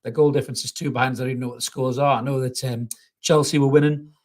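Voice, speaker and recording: Sweary football fan host. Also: male voice, mid-range voice, fairly even intonation, quick pace. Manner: blunt, sweary and passionate. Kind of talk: live match reaction with chat comments.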